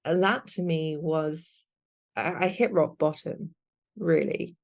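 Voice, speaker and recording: A woman's voice: sits low, takes it slowly, creaky. A young adult woman, a guest telling her own story in an earnest, candid way. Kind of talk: personal storytelling.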